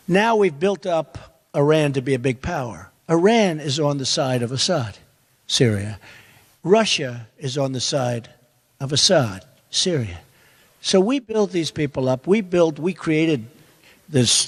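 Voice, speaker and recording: An older man in his seventies, a presidential candidate speaking off the cuff at a roundtable, emphatic and repeating short phrases. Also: a little high. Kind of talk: unscripted roundtable remarks to an audience. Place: large indoor theater. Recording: long hall reverb, faint crowd.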